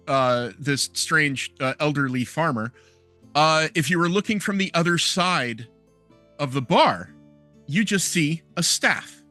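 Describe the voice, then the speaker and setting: A man describing his character in a tabletop game, slow and vividly descriptive. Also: fairly high pitch, bright, forceful tone. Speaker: player.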